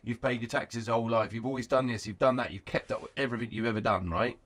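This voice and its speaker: A British man telling rambling, excitable stories with plenty of swearing as a podcast guest. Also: medium pitch, fast. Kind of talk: casual podcast storytelling.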